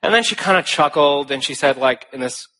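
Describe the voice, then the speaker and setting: Young man, conference speech, fairly high voice, bright and forceful, animated storytelling, self-deprecating. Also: a little fast. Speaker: conference speaker. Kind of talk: speech to a live audience.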